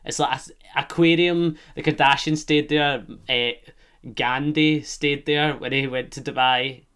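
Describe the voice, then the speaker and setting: A man's voice: fairly high pitch, steady tone, a little slow, fairly bright tone, clear, resonant tone. A young man with a Scottish accent, hosting a podcast in rambling casual chat, full of filler words. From Scotland. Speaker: podcast host.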